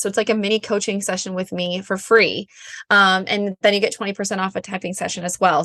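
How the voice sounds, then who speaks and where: A bubbly woman in her thirties talks casually as an interview guest. She fills her speech with likes and ums. Her voice sits at a middle pitch and sounds dry and close. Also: fairly bright tone, no echo. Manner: bubbly, chatty, says like and um often. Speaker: guest, Enneagram coach.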